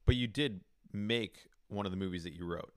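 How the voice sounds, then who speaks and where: A man's voice: on the low side, normal speed, fairly bright tone. A man co-hosting a casual chat, summing up and asking follow-up questions. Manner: sums up and follows up.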